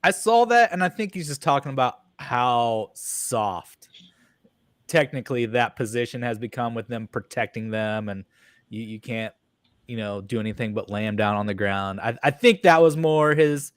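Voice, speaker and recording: A man's voice: mid-range voice, lively intonation, normal speed, no echo, studio quality. A man co-hosting a casual sports podcast, musing in a wandering, hedging way. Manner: thoughtful, wandering, hedging with fillers. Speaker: podcast co-host.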